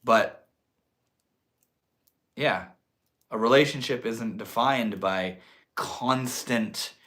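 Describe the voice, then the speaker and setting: Casting: young male streamer, slow unhurried delivery, casual swearing, reflective. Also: medium pitch, fairly bright tone. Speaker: livestream host. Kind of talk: casual livestream talk.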